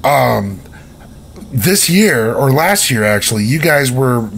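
A man's voice: medium pitch, lively intonation, slow, vocal fry, a bit bright, slight background noise. A man hosting a casual interview, chatty and friendly, who sometimes stumbles over his words while asking questions. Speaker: interviewer host.

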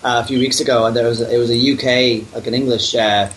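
A man's voice: mid-range voice, flat delivery, fast, fairly bright tone, a little hiss or hum, poor audio. A man, a band member chatting casually as a guest in an interview, enthusiastic, laughing often and restarting his sentences.

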